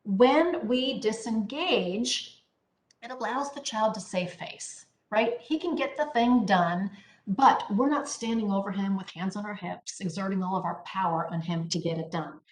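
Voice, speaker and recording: A woman presents a parenting talk at a mid pitch, leaning hard on key words and tagging points with "right?". Her voice rings out in an echoey room. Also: unhurried. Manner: emphatic, keeps asking "right?". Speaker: parenting educator. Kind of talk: instructional presentation.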